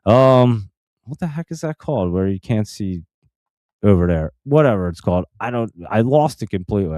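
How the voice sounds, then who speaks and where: A man's voice: mid-range voice, warm tone, no room sound, clean studio sound. A man telling a casual story in a rambling way, full of fillers and restarts. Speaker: stock channel host.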